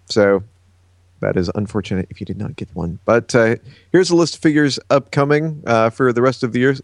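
A man's voice: mid-range voice, dry recording, clean studio sound. A man co-hosting a casual podcast, reading out news from his notes with lots of uh fillers. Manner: relaxed, reads from notes with frequent uh fillers.

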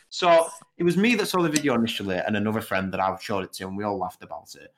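A young man co-hosting a casual podcast, his voice bouncing up and down in pitch. He rambles and hesitates, padding his story with filler as he goes. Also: lively intonation, fast talker, hardly any pauses, fairly bright tone. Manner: rambling, hesitant, many "you know"s. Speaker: podcast co-host. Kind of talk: casual chat.

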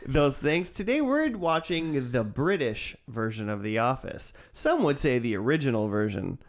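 A man's voice: medium pitch, sing-song, normal speed. A man hosting a podcast, chatting casually and joking with his co-hosts. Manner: joking, playful. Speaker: podcast host. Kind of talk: casual chat.

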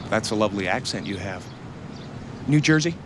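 A man's voice: fairly low pitch, animated, brisk, natural voice. An actor playing a goofy, bumbling man in a limo who asks for directions and fakes an Australian accent. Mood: silly. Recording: noisy street with traffic.

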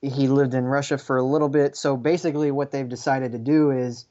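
A man co-hosting a film review chat, explaining his points in a measured, analytical way with hesitant restarts. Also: medium pitch, fairly even intonation, dark tone, lo-fi sound. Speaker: film review podcast co-host. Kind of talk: casual chat.

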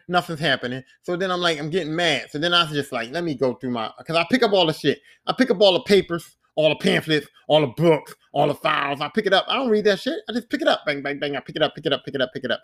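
A man hosting a podcast, recapping a video game in a casual, animated way, full of swearing and sound effects like bang and pop. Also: a little high. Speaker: podcast host.

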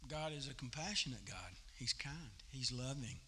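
A man preaching a sermon at a church service, telling the story in a folksy, animated way. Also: medium pitch, moderate pace, slight background noise. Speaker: pastor.

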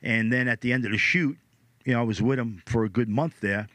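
A man's voice: mid-range voice, a little fast, a bit bright, no room sound. An older man from the United States, a podcast guest telling casual stories in a rambling way, full of repeated words and quoted dialogue. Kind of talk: casual storytelling.

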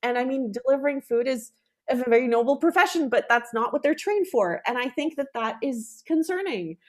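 A middle-aged woman composer in an interview, talking with animated emphasis and acting out the people she quotes. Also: high voice, a little fast. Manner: animated, acts out quoted callers. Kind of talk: conversational interview.

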